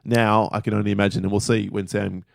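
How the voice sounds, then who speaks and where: A man co-hosting a casual podcast, talking in a rambling way with halting restarts. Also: fairly low pitch, level tone, vocal fry, no room sound, studio quality. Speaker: podcast co-host.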